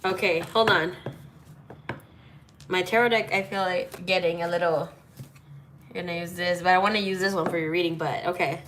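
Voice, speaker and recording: A woman's voice: lowish voice, steady tone, normal speed, pauses often, fairly bright tone, slight background noise. A woman giving a casual tarot reading, talking in a chatty, playful way, laughing often and swearing now and then. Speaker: tarot reader.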